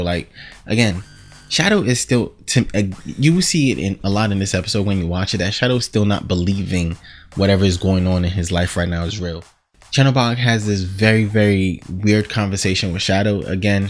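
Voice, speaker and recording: A man giving a casual, animated TV episode recap, rambling and acting out quotes as he goes. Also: sits low, moderate pace. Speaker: show reviewer.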